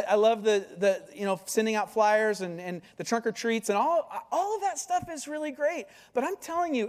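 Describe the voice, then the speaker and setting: A male pastor preaching a sermon in a church, driving his points home with emphatic rhetorical questions. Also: very high voice. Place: church sanctuary. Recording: long hall reverb.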